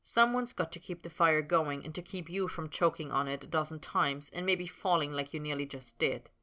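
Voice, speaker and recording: A woman's voice: low-pitched, moderate pace, bright, forceful tone. A woman reading the lines of an earnest, stubborn young man who speaks firmly and protectively. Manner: firm and earnest.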